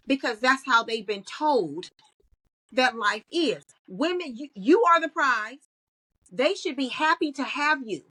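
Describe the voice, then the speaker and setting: Woman, high bright voice, animated storyteller, podcast guest. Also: low-quality recording. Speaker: guest, content creator. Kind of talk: podcast interview conversation.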